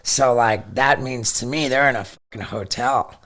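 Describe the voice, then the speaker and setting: A middle-aged man telling a story in casual chat, animated, swearing often and restarting his sentences. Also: mid-range voice, normal speed. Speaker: podcast guest.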